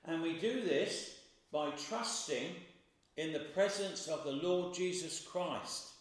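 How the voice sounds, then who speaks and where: A man preaching a sermon in a slow, measured way, stressing key words with emphasis. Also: fairly high pitch. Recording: very echoey room, voice from far off.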